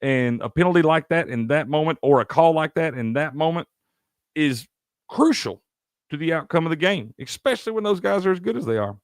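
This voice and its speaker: A man's voice: fairly high pitch, expressive, brisk, clear, resonant tone, no echo, clean studio sound. A man from Tennessee, hosting a live sports stream, ranting heatedly and profanely while answering chat. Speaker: sports show host.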